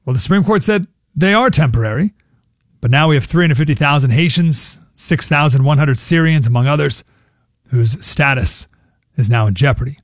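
A man's voice: fairly high pitch, animated, normal speed, no echo, clean studio sound. A man anchoring a radio news roundup with a punchy, opinionated delivery.

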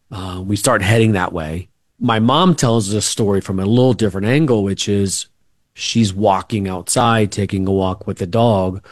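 A man's voice: lowish voice, a little mellow, no echo, studio quality. A middle-aged man, a radio interview guest, telling family stories in a rambling way with many fillers and restarts. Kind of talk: casual storytelling.

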